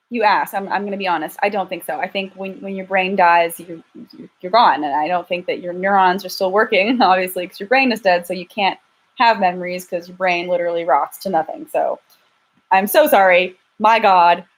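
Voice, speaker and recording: A young woman talking casually on a home live stream, answering viewers one after another. She is frank and a little self-deprecating, with plenty of restarts and trailing thoughts. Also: fairly low pitch. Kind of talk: casual live-stream chat reading super chats. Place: home, lives in LA.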